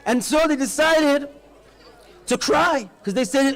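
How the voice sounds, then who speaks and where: A man, a rabbi, giving an animated storytelling address at an outdoor festival, mixing Hebrew terms into his talk. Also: extremely high pitch, slow pace, some chatter behind.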